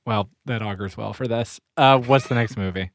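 A man co-hosting a podcast in casual chat, self-deprecating and halting, with frequent restarts. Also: on the low side, dry recording, clean studio sound. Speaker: podcast co-host.

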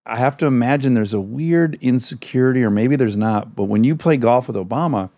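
A man's voice: medium pitch, fairly quick, dark tone, no echo, studio quality. A man hosting a podcast, talking frankly and self-deprecatingly, swearing freely. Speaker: podcast host. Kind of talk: casual interview chat.

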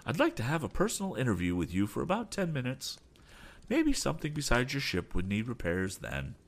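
A man voicing a blustering, hot-tempered male sea captain in an adventure audiobook, loud and exclamatory. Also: mid-range voice, wildly swooping pitch, fairly quick, voice pushed up. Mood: threatening.

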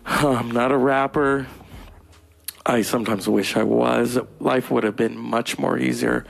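A young man from California doing crude, profane stand-up storytelling, putting on shrill voices for other people. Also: steady tone, a little slow, gravelly. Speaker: stand-up comedian. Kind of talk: stand-up monologue.

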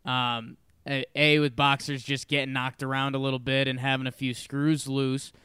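A man co-hosting a casual chat show, animated and acting out quoted voices as he tells stories. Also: medium pitch, moderate pace, smooth, no echo, clean studio sound. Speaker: co-host.

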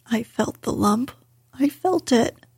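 A woman's voice: high-pitched, steady tone, unhurried, vocal fry, darkish tone, breathy edge, no room sound, heavily acted. Woman doing a sobbing sickly boy, whispered role-play. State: gasping and sobbing.

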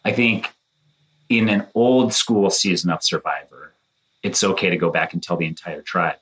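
A man in his thirties, co-hosting a casual chat and acting out quotes with animated shifts in voice. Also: low voice, moderate pace, low-quality recording. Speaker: podcast co-host, former contestant.

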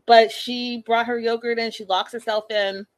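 Animated woman giving a judgy recap. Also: a little high, moderate pace. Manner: animated, judgmental, talks to viewers directly. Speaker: commentator. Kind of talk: casual recap commentary.

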